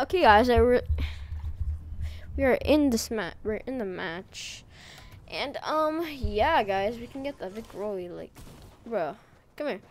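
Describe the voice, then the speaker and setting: A woman giving casual, rambling gaming commentary, excitable and full of slang as she plays. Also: a little high, a little slow, pauses often, a little hiss or hum. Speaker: gaming video creator.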